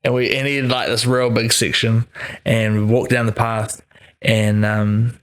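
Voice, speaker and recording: A young man, a podcast guest telling relaxed stories with easy laughter. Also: mid-range voice, unhurried, clear, resonant tone. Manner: relaxed, laughing, easygoing storyteller. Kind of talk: casual chat.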